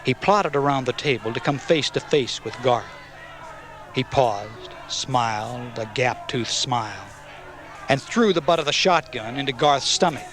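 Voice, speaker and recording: Male audiobook narrator, dramatic storytelling, mid pitch, faint ambience. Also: unhurried, a bit bright, a little hiss or hum.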